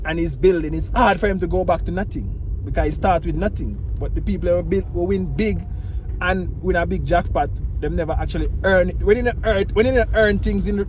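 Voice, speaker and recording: A Jamaican man with a fairly high voice chats loosely to his audience, circling back to the same catchphrases. Traffic and street noise sit loud behind him in the outdoor recording. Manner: rambling, repeats "you know what I mean" and "family". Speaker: vlogger. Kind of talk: casual talk to camera.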